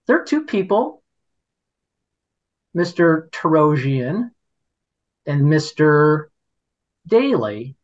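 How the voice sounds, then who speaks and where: A man hosting a podcast tells a story in an unhurried, drawn-out way. He sounds indignant and rambles, often breaking off and restarting his sentences. The recording is muffled and lo-fi. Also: a little high. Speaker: podcast host. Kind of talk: casual storytelling chat.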